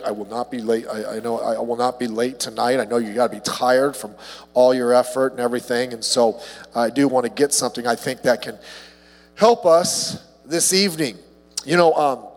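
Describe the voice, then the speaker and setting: Chatty pastor in a reverberant hall. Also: male voice. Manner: chatty and humorous, his voice jumps higher when he gets excited. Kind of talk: casual evening sermon with personal stories.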